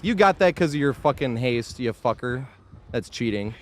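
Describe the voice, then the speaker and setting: A man is streaming a game live, his medium-pitched voice animated and moving at a normal speed. He chats casually with viewers, swears freely, laughs often, and thanks supporters while playing.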